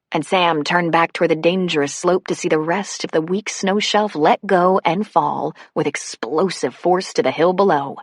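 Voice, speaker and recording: Low-voiced woman narrating a novel. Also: no echo, clean studio sound. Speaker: audiobook narrator. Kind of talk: scripted narration.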